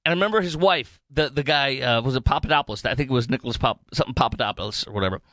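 A man's voice: mid-range voice, very fast, a bit bright, dry recording. Heated rambling male talk show host. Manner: rambling, heated, frequent filler restarts. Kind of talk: political talk show monologue.

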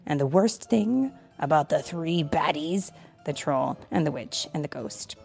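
A woman reading a picture book aloud to her child, animated and stopping to ask questions. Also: sits low, measured pace, creaky, husky, soft background music.

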